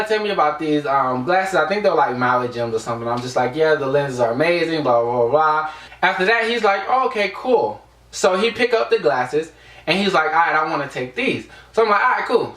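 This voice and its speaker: A man's voice: a little high, fairly bright tone, distant mic. A young man from the United States telling a casual storytime vlog, rambling with lots of fillers. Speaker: vlogger. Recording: echoey room, away from the mic.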